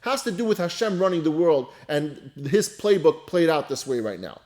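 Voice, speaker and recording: A man's voice: fairly high pitch, big pitch swings, normal speed, darkish tone. A man, a rabbi teaching a Torah class, who reads a line of Hebrew and then translates and explains it in a casual, conversational way. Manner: conversational and repetitive, speaks straight to listeners.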